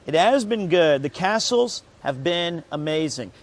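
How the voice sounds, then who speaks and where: A man's voice: fairly high pitch, animated, measured pace. A man hosting a casual travel stream, chatty and upbeat, talking to his viewers. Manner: chatty, upbeat, reads aloud to chat. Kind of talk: casual travel vlog chat.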